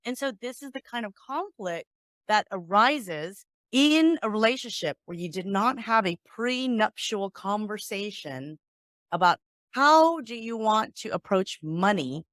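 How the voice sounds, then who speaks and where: A woman's voice: medium pitch, unhurried, no room sound, studio quality. A woman mediator and negotiation coach talking in a podcast interview, acting out sample exchanges as she explains. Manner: animated, acts out example dialogues.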